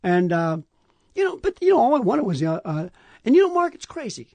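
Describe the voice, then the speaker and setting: A man from Staten Island, telling a story as a podcast guest in an animated way, stammering and restarting. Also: high-pitched, a little fast, vocal fry, no echo. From Staten Island, New York. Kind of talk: storytelling in a casual interview.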